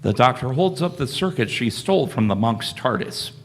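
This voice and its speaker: A man narrating the stage directions of a live fan radio play in plain, steady narration. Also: medium pitch, normal speed, a little hiss or hum.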